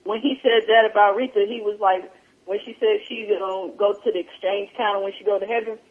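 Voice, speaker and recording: Woman, casual chat, husky voice, animated, laughs often, quotes herself, tinny phone-line sound. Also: medium pitch, a little fast.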